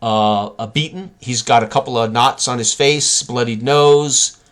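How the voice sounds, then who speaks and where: A man's voice: mid-range voice, unhurried, a bit bright. A man narrating a tabletop game as game master, describing scenes while he searches for words.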